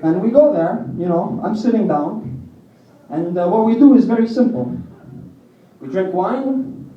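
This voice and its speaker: Young male stand-up, high voice, crude rambling bits, distant echoey lo-fi club recording. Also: a little hiss or hum. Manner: crude, rambling storytelling with audience laughs. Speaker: stand-up comic. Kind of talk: stand-up comedy set. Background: audience laughter.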